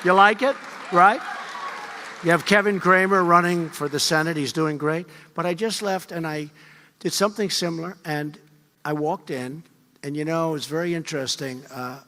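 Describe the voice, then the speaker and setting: In a large event hall, a politician in his seventies delivers an off-the-cuff campaign speech, boastful and emphatic, repeating his points again and again. His voice is a little high and sharp, at a moderate pace, with hall reverb and a faint crowd.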